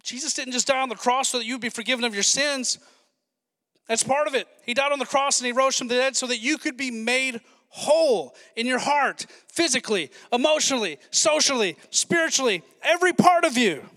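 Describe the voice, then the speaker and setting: Excited high-voiced male pastor preaching. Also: in a large hall. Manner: excited, fast-talking preaching with asides to the congregation. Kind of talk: sermon.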